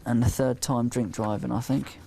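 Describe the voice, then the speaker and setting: A British traffic police officer, firm and dryly sceptical with a suspect at a roadside stop. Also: male voice, mid-range voice, steady tone, moderate pace, gravelly. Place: roadside at night, outdoors.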